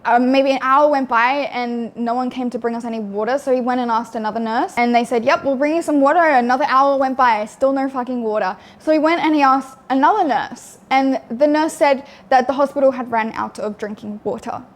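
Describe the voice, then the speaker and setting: A woman's voice: high-pitched, brisk, few pauses. A young woman telling a personal story to camera, blunt and frank, swearing often and filling with likes. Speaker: vlogger. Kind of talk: candid storytelling.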